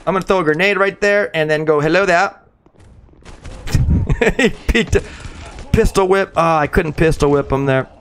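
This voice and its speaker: A young man streaming a shooter game live, chatting excitedly with viewers and calling them bro. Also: fairly high pitch. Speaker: gaming streamer. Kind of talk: live gameplay commentary.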